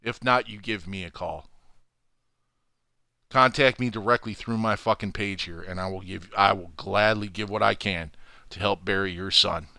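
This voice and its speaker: Furious swearing man, bright clear voice. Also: on the low side, fairly even intonation, moderate pace, no echo, clean studio sound. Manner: furious, heavy swearing, loud outbursts. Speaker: channel host. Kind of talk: angry profane rant to camera. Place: at home.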